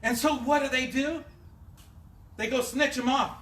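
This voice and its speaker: Lively storytelling preacher, high and bright, recorded from a distance. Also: male voice, a little slow, pauses often. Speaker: pastor. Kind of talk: sermon. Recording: echoey room, mic at a distance.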